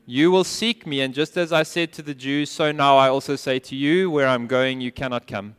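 Smooth-voiced pastor preaching in a reverberant hall. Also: male voice, mid-range voice, fairly even intonation, normal speed, few pauses. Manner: earnest and emphatic, dropping to quiet intensity. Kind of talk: sermon.

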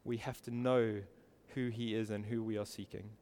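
A man's voice: on the low side, little pitch movement, normal speed, a little mellow, in a large hall, slight background noise. A man preaching a sermon earnestly, asking his listeners direct questions. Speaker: pastor.

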